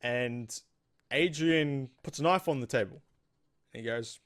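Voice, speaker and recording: A man's voice: medium pitch, takes it slowly, long pauses, a bit bright. A man with a New Zealand accent casually recapping a TV episode, rambling and acting out the characters' lines. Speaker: host.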